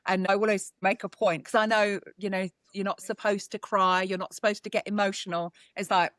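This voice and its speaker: A woman's voice: medium pitch, little pitch movement, fairly quick, a bit bright, dry recording. A British woman, a psychic medium guest, speaking earnestly and with feeling in a conversational interview, often restarting her sentences. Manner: earnest, emotional, talks with many restarts.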